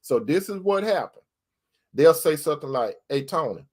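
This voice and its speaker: A man's voice: fairly high pitch, animated, moderate pace, a little mellow. Host, male, casual preacher style, repeats himself, talks straight to the audience. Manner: folksy, repeats phrases, addresses brothers and sisters directly. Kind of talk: casual preaching talk to viewers.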